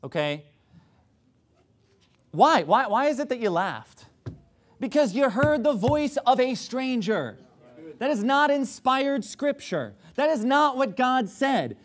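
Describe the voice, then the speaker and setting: A man's voice: very high voice, sing-song, measured pace, a bit bright. A man preaching a sermon to a congregation, sarcastic in places and emphatic in his points.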